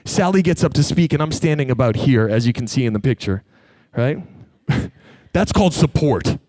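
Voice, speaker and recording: A man stands on a stage and tells a personal story to a live audience, acting out the voices of the people in it. His voice is mellow and warm, and the sound is dry and close to the mic. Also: mid-range voice, moderate pace, dry recording. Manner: animated, acts out quoted voices. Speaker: speaker.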